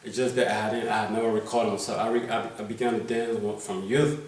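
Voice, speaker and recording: A man's voice: fairly low pitch, steady tone, a little fast, a little hiss or hum. A man in his fifties talks casually about his life, circling back, restarting sentences and tagging questions onto the end of his thoughts. He sits well away from the microphone. The room around him rings with heavy echo. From Liberia. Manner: rambling, many restarts, keeps asking "you know what I'm saying". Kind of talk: casual life-story telling. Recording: very echoey room, mic far off.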